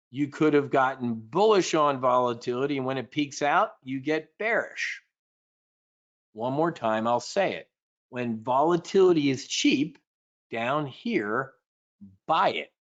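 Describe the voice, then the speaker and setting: An options instructor runs a live trading webinar with energetic, punchy delivery, occasionally slipping into shrill mock panic. The audio sounds dull.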